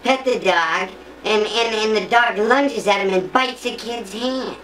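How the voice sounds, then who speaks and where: A woman telling a string of jokes in a casual, halting way, often repeating words and restarting sentences. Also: mid-range voice. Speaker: joke teller. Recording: faint background noise.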